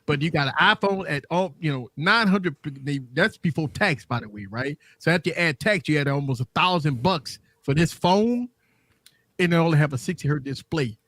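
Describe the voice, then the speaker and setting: A man's voice: a little high, normal speed, dry recording. A man hosting a live tech chat show. He talks casually and keeps checking in with "right?". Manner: animated, tag questions like "right?". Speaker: host.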